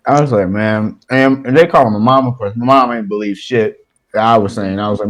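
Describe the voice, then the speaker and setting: A young man co-hosting a casual podcast, telling a story in an animated way, swearing and laughing as he goes. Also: medium pitch, fast talker, low-quality recording. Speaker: podcast co-host.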